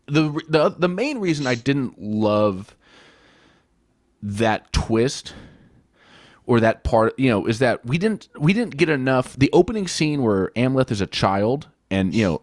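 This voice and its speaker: A man's voice: mid-range voice, dry recording, clean studio sound. A man co-hosting a podcast, rambling casually and swearing as he retells plot scenes. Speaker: podcast co-host. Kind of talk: casual film-review chat.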